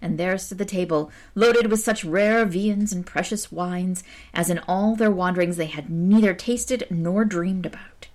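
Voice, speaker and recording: A woman reading an old folk tale aloud in a measured storytelling manner. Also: lowish voice, darkish tone. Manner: measured, lightly archaic narration.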